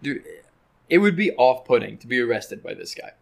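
Male podcast co-host, lively sing-song pitch, loose and profane. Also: moderate pace, vocal fry. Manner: animated storyteller, swears freely, laughs often. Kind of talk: casual chat.

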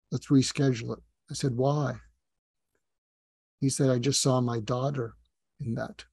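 An earnest man tells a long story on a podcast, voicing each person in the dialogue as he goes. His voice sits at a medium pitch. The sound is dry and close, with almost no room. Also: darkish tone, dry recording. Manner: earnest, speaks in long anecdotes with quoted dialogue. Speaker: guest psychiatrist and author. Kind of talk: reflective storytelling.

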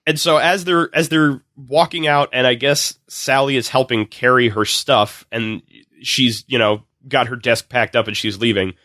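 A man on a comedy podcast, retelling a movie with lots of laughs and quick acted-out voices. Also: mid-range voice, no echo, clean studio sound. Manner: animated storytelling, acts out characters in quick voices, laughs often. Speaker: podcast guest recapping a movie. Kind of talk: casual comedic podcast chat.

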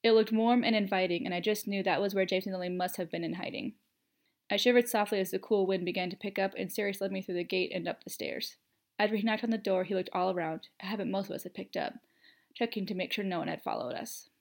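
A woman narrating a first-person story in an expressive, steady reading. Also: mid-range voice, quick pace, vocal fry.

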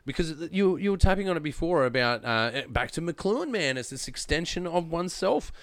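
A man hosting a podcast in his home studio, talking on a studio microphone in a lively, restarting way, often adding "man". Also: a little high, a little fast, no room sound. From Australia. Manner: animated, restarts phrases, says "man" often. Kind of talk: casual chat. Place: home studio full of screens. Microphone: studio microphone with headphones.

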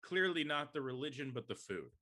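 A man's voice: mid-range voice, sing-song, brisk, bright, forceful tone, no echo. A young man from the American Midwest co-hosting a podcast, chatting casually and quizzing his co-host with jokes. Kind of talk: casual chat.

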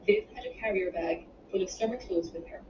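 A woman reading her own novel aloud in measured storytelling. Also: mid-range voice, darkish tone, a little hiss or hum. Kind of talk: audiobook narration. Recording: distant roomy dull-sounding recording.

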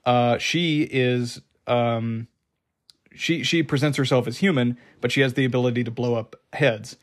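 A man's voice: medium pitch, steady tone, a little slow. A man giving a casual, unscripted review of a TV season, rambling with many fillers and restarts. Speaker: show reviewer.

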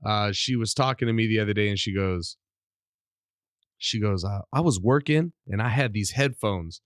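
Man with a lowish voice, rambling podcast host, slightly sick, dry close sound. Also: normal speed, no echo. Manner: rambling, animated, self-deprecating. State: sick with a cough. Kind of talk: casual solo podcast monologue.

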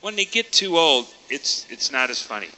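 A man's voice: a little high, sing-song, moderate pace, sharp tone, a little hiss or hum, low-quality recording. A man in a casual podcast chat, emphatic and opinionated.

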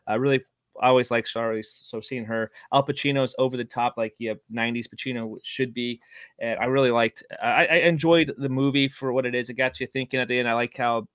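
A man of middle pitch talks over a movie he just watched, stumbling through fillers and restarts as a podcast co-host. His voice sounds close and dry. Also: fairly even intonation, a bit bright, no echo. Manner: halting, filler-heavy. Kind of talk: casual movie review chat.

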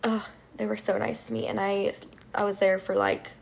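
This vlogger, a young woman, has a gravelly mid-range voice with a level tone and moderate pace. She's venting a frustrated storytime rant to viewers, heavy on swearing and the word "like."

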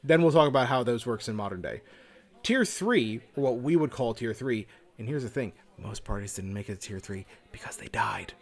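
A man's voice: medium pitch, lively intonation, a little fast. A man co-hosting a podcast, explaining things in a casual, loose way and swearing now and then. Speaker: podcast co-host. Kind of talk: casual chat about tabletop games.

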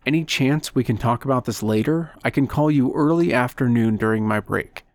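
A man voicing a hoarse, sleepy man woken in the night, impatient, in an audiobook. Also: mid-range voice, normal speed, no room sound, natural voice. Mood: tired.

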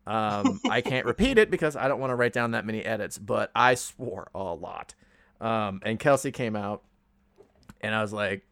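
Low, dry-voiced man telling a rambling story. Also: animated, moderate pace, a bit bright, no echo. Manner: rambling storytelling with many fillers. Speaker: podcast co-host. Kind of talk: casual chat.

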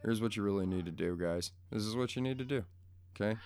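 A man's voice: fairly low pitch, fast, a little mellow, no echo. A man in a casual, profane rant to his viewers, blunt and crude, rambling and easily pulled off track, recorded at home. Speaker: vlogger. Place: home room.

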